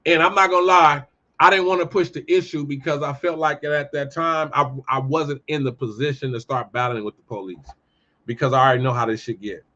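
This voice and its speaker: A man hosting his own show, giving a heated, profane commentary monologue and telling animated stories. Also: fairly high pitch, brisk, highs cut off. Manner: profane, ranting, animated storytelling. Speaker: podcast host.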